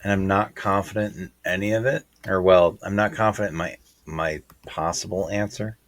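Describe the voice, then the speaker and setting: A man's voice: low-pitched, steady tone, moderate pace, no echo. A man playing as a trivia contestant, unsure and cautious about his answers. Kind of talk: casual game chat.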